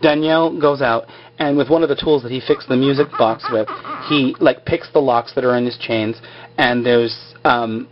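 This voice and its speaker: A man's voice: mid-range voice, moderate pace, dull audio. A man casually recapping a show over his drawings, rambling and filler-heavy.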